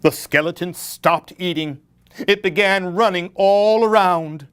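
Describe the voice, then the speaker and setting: A man reading a spooky children's story aloud as a children's librarian, in an animated, dramatic storytelling manner. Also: high voice, unhurried, a little hiss or hum.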